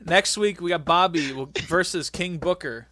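A man co-hosting a podcast, recapping events in animated casual chat and acting out what others said. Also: high voice, normal speed, a little hiss or hum. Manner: animated storyteller, acts out quotes. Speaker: podcast co-host.

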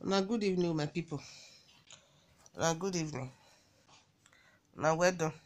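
A woman's voice: low voice, normal speed. A woman with a Nigerian Benin accent recording a scolding audio message, firing off repeated rhetorical questions. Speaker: social media commentator.

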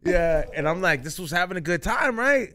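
A young man hosting a podcast, his voice sitting a little high. He talks loosely and profanely, full of slang and the odd Spanish phrase, as he rambles through a story. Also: big pitch swings, fairly quick, sharp tone. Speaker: podcast host. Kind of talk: casual storytelling chat.

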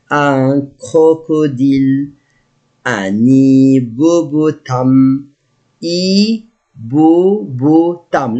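A man with an Egyptian accent teaching a French lesson, slowly modeling each word and explaining in English. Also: medium pitch, a little mellow, slightly rough. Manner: slow, patient, drawn-out modeling of words; switches between English and French. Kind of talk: recorded classroom lesson.

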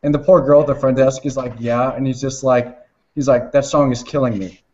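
Casual male co-host, rambling and profane storyteller, mid pitch, dull lo-fi recording. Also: steady tone, a little fast, crowd noise. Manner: rambling, swears often, laughs while retelling. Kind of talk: casual chat.

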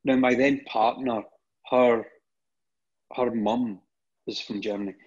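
A man's voice: mid-range voice, steady tone, slow pace, a little mellow, husky. A middle-aged Scottish man, a guest on an interview show, telling stories casually and often repeating words at the start of his phrases. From Scotland. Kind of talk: casual anecdotal storytelling. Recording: dull lo-fi recording.

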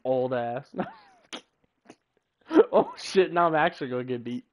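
A man's voice: mid-range voice, unhurried, dull audio. A man live-streaming a game, chatting casually and rambling through jokes as he waits on something in the game. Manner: rambling, joking, self-talking.

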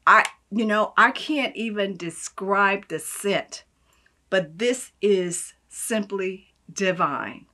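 A woman vlogging a casual unboxing, gushing and effusive, swinging between hushed asides and loud exclamations. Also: medium pitch, lively intonation, slow pace. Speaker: beauty vlogger.

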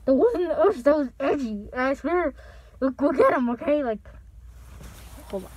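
A woman's voice: sits high, animated, a little slow, darkish tone. A woman hosting her own online show, chatting casually in a rambling, profane way. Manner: rambling and profane, with frequent restarts. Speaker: show host. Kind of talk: casual rambling vlog chat.

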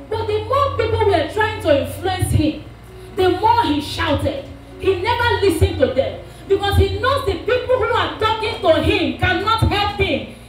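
A woman preaching a sermon, asking the congregation to finish her lines. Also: high voice. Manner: call-and-response, asks the congregation to finish lines. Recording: echoey, from a distance, with faint music.

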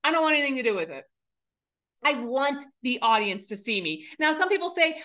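A woman coaching public speaking in a webinar, talking in an enthusiastic, animated and emphatic way. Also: on the high side, fairly quick. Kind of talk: webinar presentation.

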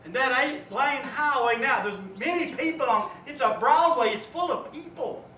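A man preacher giving a sermon, telling a vivid story that swells and drops to a hush. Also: very high-pitched, normal speed. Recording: echoey room, from far off, faint noise.

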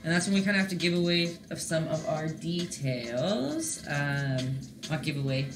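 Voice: mid-range voice, animated, moderate pace, echoey room, soft background music. A host teaching a live-streamed painting lesson in a chatty, encouraging way, talking to viewers in the chat.

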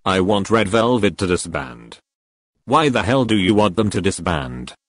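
A male text-to-speech voice reading and reacting to fan confessions, with an emotionless, flat manner. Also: sits low, unhurried, no room sound. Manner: emotionless, flat synthetic delivery.

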